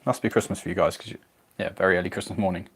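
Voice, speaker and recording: A chatty man from England with a slightly low voice hosts a relaxed live stream. He reads viewer comments aloud between bits of building and pokes fun at himself along the way. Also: very fast, gravelly, breathy edge. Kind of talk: casual live-stream chat while model building.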